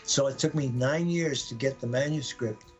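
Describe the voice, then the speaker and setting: A man telling an intense personal story on a live podcast, acting out his own words and the words of others with sudden jumps in pitch. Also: normal speed, faint music behind, low-quality recording. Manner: animated, acts out quoted voices with sudden pitch jumps.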